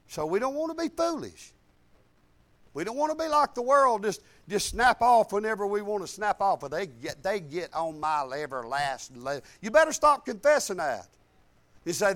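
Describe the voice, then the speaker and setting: Preacher, man in his fifties: high, swooping voice, folksy storyteller. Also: moderate pace. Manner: folksy, animated storytelling with colloquial grammar. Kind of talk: sermon.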